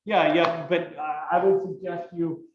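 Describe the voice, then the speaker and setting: A man's voice: a little high, a little slow, background noise. A man teaching an online cooking class from his kitchen, explaining loosely with lots of fillers. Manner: relaxed, thinking aloud with many fillers. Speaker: cooking instructor. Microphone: video call. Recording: roomy lo-fi video call audio.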